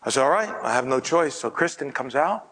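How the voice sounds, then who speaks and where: A man preaching, telling a personal story and often dropping to a hushed, breathy near-whisper. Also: mid-range voice, animated, fairly quick, low-quality recording. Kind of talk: storytelling sermon.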